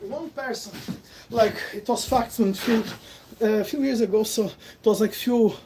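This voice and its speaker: A man with a Brazilian Portuguese accent speaks his mind in a vlog monologue. He makes his points emphatically, asking questions and then answering them himself. Loud background noise and clicks sit under his voice throughout. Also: high-pitched, a little slow. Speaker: vlogger. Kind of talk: opinion monologue to camera.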